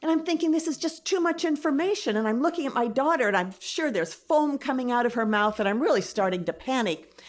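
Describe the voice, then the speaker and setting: A middle-aged woman telling a personal story on stage, expressive and dramatic, acting out the quoted lines. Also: a little high, quick pace. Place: stage before a live audience.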